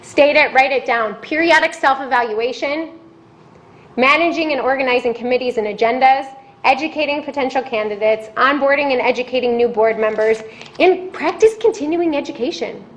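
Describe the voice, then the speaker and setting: A middle-aged woman teaching a board governance class in a chatty, conversational way with lively asides. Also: sits high, normal speed. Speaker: governance trainer. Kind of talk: classroom lecture. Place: meeting room.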